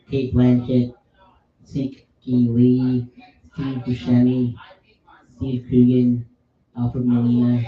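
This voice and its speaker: A man hosting a casual pub podcast, chatting enthusiastically and rambling about movies with a ready laugh. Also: mid-range voice. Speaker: podcast host. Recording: echoey room, distant mic, dull sound.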